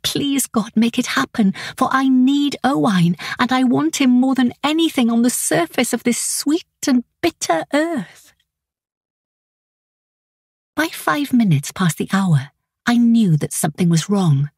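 A woman reading a first-person novel as an audiobook narrator, in an intimate, anxious and measured way. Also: on the high side, expressive, darkish tone, breathy edge, dry recording, studio quality.

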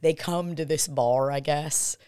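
A woman's voice: deep voice, a little slow, mellow, smooth. A woman co-hosting a casual comedy podcast, telling rambling, profane stories and acting out what people said. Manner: profane, rambling storytelling with acted-out quotes. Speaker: podcast co-host.

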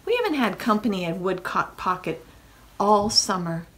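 A woman's voice: medium pitch, sing-song, moderate pace, a bit bright. A woman voicing a cheerful, caring young male pig in a storybook, eager and full of ideas.

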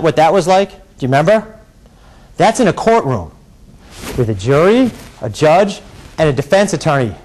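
Middle-aged male defense lawyer, high voice, courtroom closing argument, pounding the jury with rhetorical questions. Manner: dramatic shifts between quiet and raised voice.

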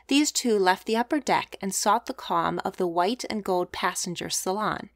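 A woman narrates a classic short story in a measured, expressive reading. Her pitch sits mid-range and the sound is dry and close. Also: no room sound. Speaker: audiobook narrator. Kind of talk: scripted narration.

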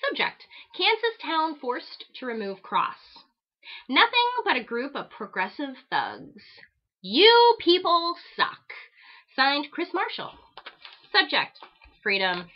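A woman's voice: sits high, very animated, unhurried. A woman hosting a show who reads hate mail aloud with a theatrical, mocking, exaggerated delivery. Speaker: host reading letters aloud. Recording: dull lo-fi recording.

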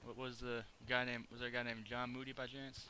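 A man's voice: medium pitch, flat delivery, brisk, crowd noise. A man talking in character in a roleplay game chat, easygoing and rambling, often trailing off.

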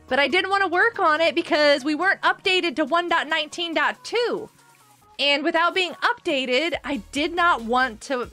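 Woman, live-stream host, high voice, sharp bright tone, casual viewer chat, giggly. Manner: bubbly, giggly, chatty, reading chat aloud. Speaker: streamer hosting a game server.

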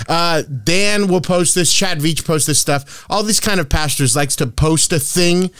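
Male podcast host, comic storyteller, profane, excitable, prone to loud outbursts. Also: fairly high pitch, a little slow, clean tone, dry recording, clean studio sound. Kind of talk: casual comedic podcast chat.

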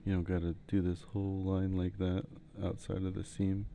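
A man giving a relaxed, rambling painting tutorial with jokey asides, talking into a headset mic. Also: deep voice, normal speed, a little hiss or hum. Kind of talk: casual tutorial commentary while painting. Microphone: headset mic, breathing into it.

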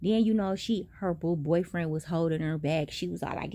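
A young woman telling a story in a casual vlog, animated and profane, with big jumps in pitch. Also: moderate pace. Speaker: vlogger.

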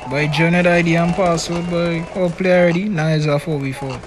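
Male game streamer, animated and teasing, with music playing behind him. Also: on the high side, brisk. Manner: animated, teasing, keeps tacking on "boy". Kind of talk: live gaming stream chatter.

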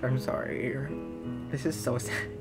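Giggly low-voiced woman reacting. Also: unhurried. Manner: animated, giggly, dramatic outbursts. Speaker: movie reaction commentator. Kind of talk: late-night movie reaction commentary. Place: at home at night. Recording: film music playing under the voice. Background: movie soundtrack music.

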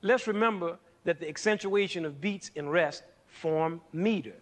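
Host, male: playful music teacher with a slightly high voice who counts beats aloud. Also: moderate pace. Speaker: music educator and show host. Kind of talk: scripted music lesson.

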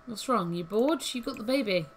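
A woman's voice: medium pitch, expressive, fairly quick, slight background noise. A woman casually commentating her life-simulation gameplay, chatty and giggly as she thinks aloud. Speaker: gaming YouTuber. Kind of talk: casual let's-play commentary. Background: faint game music.

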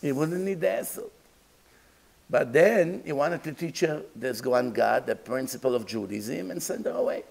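A man's voice: mid-range voice, expressive, moderate pace, gravelly, darkish tone, rough recording. A man, a rabbi giving a Torah lecture, emphatic and full of rhetorical questions, acting out imagined dialogues.

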